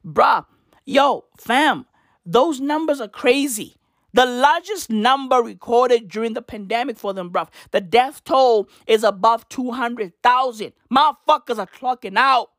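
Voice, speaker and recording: A woman's voice: fairly high pitch, a little slow, no room sound, clean studio sound. A woman vlogger delivering a profane comic rant, slangy and emphatic, hammering the same points over and over.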